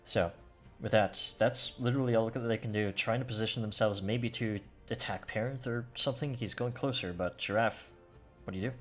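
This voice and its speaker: A man with a somewhat low voice runs a tabletop game as game master. He narrates combat and rulings casually and hunts for words as he goes. Faint music plays underneath. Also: fairly quick. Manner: loose and searching for words, with many fillers. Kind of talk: running a tabletop game, describing rules and combat.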